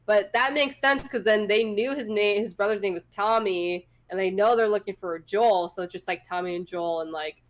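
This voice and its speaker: A young woman with a mid-range voice co-hosts a podcast at normal speed. The chat is casual and animated, and she swears freely.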